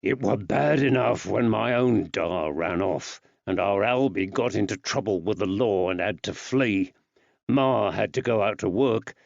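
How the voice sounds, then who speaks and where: A man playing a weary, gruff working-class constable and husband who talks in a blunt, plain-spoken way. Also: fairly low pitch, dry recording. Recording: dry, slightly dull recording.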